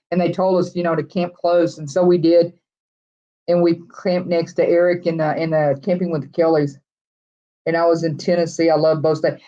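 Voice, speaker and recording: A woman's voice: on the low side, dark tone, muffled recording. A middle-aged woman with a Texas accent chatting casually with live viewers, rambling from one thought to the next. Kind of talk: casual live-stream chat.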